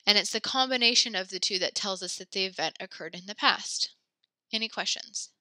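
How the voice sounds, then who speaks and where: A woman's voice: mid-range voice, a little fast, bright, forceful tone, no room sound. Pregnant woman teacher, slightly breathless. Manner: patient, encouraging, mixing English and French. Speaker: French teacher. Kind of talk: online class instruction.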